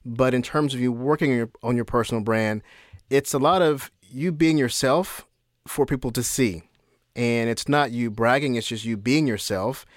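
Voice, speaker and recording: Male podcast co-host, mid pitch, measured and explanatory, dry close recording. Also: no echo. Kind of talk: casual podcast conversation.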